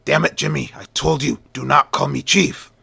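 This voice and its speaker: A man doing a gruff, short-tempered old editor. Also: fairly low pitch, fairly even intonation, moderate pace, bright, forceful tone, no echo, heavily acted. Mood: angry. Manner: barks orders, calls people kid.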